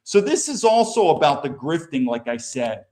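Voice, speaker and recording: An American man talks through news clips in an unscripted, rambling way. His voice sits fairly high for a man, and his opinions come out blunt, with frequent false starts and repeated words. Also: sing-song, normal speed, darkish tone. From United States. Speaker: political commentary show host. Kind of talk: casual commentary over news clips.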